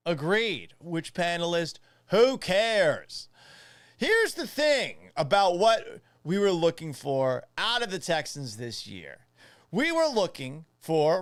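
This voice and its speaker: An opinionated male sports host talks with animated, sarcastic energy. His voice sits a little high and moves around a lot. The studio sound is close and dry. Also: clean tone, no echo. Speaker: sports radio and podcast host.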